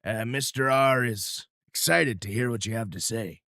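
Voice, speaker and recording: A man voicing a squat old henchman with a hook for a hand, who talks gruffly on behalf of the group. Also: mid-range voice, moderate pace, bright, forceful tone, no echo, studio quality.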